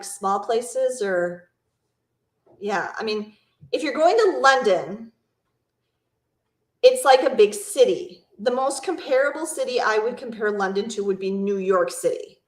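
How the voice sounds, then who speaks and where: A woman with a fairly high voice chats through a live travel Q&A, rambling and reading out viewers' comments as she goes. She asks viewers questions between her answers. The sound is roomy, with an echo off the walls. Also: expressive, a little slow. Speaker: travel vlogger hosting a live Q&A. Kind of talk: casual live-stream chat with viewers.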